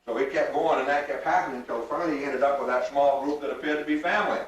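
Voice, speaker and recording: A man's voice: fairly high pitch, rapid-fire. An older man, telling folksy rural jokes to a reunion crowd in a drawling way and acting out the punchlines. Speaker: storyteller. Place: large room at a reunion. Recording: echoey room, recorded from far off.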